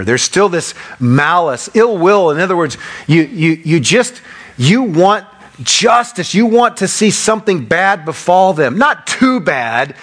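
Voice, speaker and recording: A middle-aged male pastor preaching a sermon, repeating key phrases and swinging between loud, emphatic bursts and quieter asides. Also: fairly high pitch. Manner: loud when passionate.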